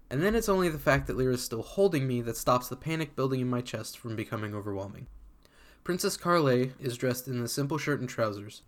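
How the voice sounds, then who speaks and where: A man reading a first-person story aloud in a casual, sardonic voice that swears freely. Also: medium pitch. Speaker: community reader.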